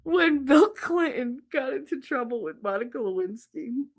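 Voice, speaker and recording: A woman's voice: high-pitched, moderate pace. A middle-aged woman hosting a podcast, telling stories in a casual livestream chat with viewers. She laughs often and swears freely. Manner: animated, laughing storyteller who swears freely. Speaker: podcast host.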